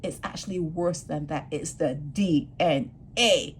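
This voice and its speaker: A woman vlogger giving animated, indignant commentary on a court case, talking straight to her viewers. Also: low voice, measured pace, slight background noise. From Barbados. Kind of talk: opinionated news commentary.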